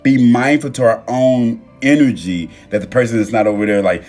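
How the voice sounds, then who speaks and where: A young man hosting a casual motivational livestream, animated and freely swearing as he talks straight to his viewers on a phone mic. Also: medium pitch, normal speed, few pauses, soft background music. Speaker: livestream host.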